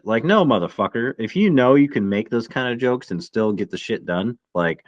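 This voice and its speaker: A man's voice: fairly low pitch, lively intonation, normal speed, no room sound. A man co-hosting a podcast in casual chat, blunt and profane, teasing his partner. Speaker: podcast co-host. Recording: dry, dull lo-fi sound.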